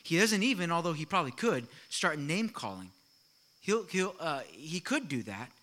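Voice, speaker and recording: A middle-aged pastor preaching with a high, ringing voice. He talks in a lively, conversational way, throwing out questions to his congregation and chatting in asides. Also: normal speed. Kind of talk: sermon.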